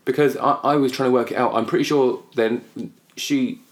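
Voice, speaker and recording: A British man co-hosting a podcast, chatting casually and rambling, quick to laugh. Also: medium pitch, steady tone. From Britain. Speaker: podcast co-host. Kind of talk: casual chat.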